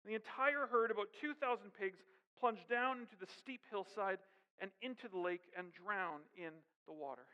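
A man preaching a sermon in an animated way, with joking asides and questions to the congregation. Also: high voice, moderate pace, clear, resonant tone, in a large hall, poor audio. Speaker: pastor.

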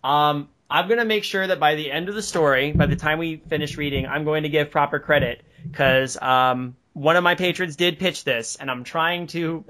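A man's voice: fairly high pitch, normal speed, hardly any pauses, sharp tone. A man hosting a casual podcast chat, laughing often and rambling through restarts. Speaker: podcast host.

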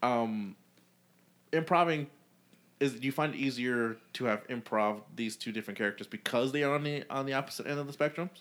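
A man's voice: mid-range voice, a little fast, fairly bright tone. A man hosting a casual podcast chat, who rambles with lots of fillers. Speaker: podcast host.

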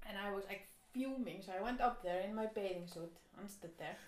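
A woman telling a rambling, animated story in casual chat, with plenty of fillers. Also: medium pitch, fairly quick, few pauses, a little hiss or hum. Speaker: storyteller guest. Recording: echoey room.

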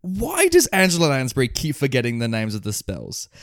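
Lively excitable man, close dry mic. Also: fairly quick, no room sound. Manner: excitable, swings up and down in pitch, laughs and swears often. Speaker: podcast co-host reviewing a film. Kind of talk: casual chat.

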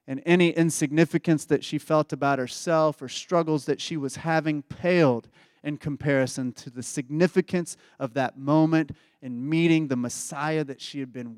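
A man's voice: on the high side, clean tone, dry recording, studio quality. A man preaching a sermon as pastor, retelling a scripture story in casual everyday words. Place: church.

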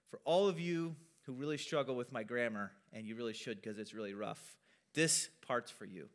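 A man's voice: mid-range voice, normal speed. A male pastor giving a casual teaching sermon in a conversational way, with self-deprecating asides.

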